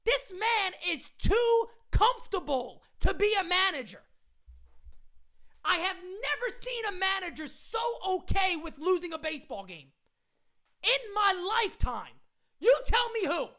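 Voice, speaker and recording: A woman ranting loudly and indignantly into a phone camera, repeating her points as a sports fan. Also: extremely high pitch, sing-song, measured pace. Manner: loud, indignant, repetitive ranting. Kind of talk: live rant into a phone camera.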